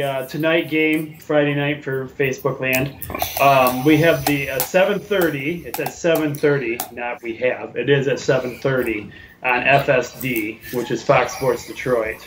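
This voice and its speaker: A man's voice: mid-range voice, fairly bright tone, slight background noise, low-quality recording. A man co-hosting a casual sports picks show, talking in a chatty, rambling way with plenty of fillers.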